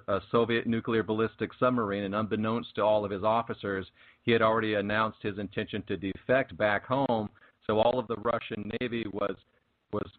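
A man's voice: lowish voice, no echo. A man hosting a spiritual talk show, speaking with fervent, preachy emphasis in casual chat. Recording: tinny phone-like line.

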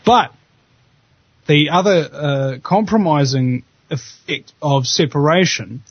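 Male radio host, casual and joking, a rambler, slightly high, dry and muffled over a call line. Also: slow, slightly rough, no echo. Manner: joking, rambling with stammered restarts. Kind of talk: casual podcast chat.

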